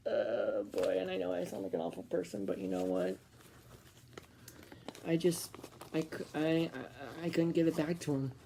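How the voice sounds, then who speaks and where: A woman's voice: low voice, animated, a little slow, vocal fry, long pauses, mellow, a little hiss or hum. A woman vlogger telling a casual storytime, rambling with fillers and restarts.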